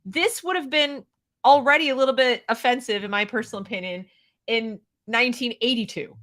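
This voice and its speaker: A woman's voice: a little high, fairly quick, fairly bright tone. An American woman giving opinionated commentary, sarcastic and mocking the clips she reacts to. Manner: sarcastic, mocks quoted clips.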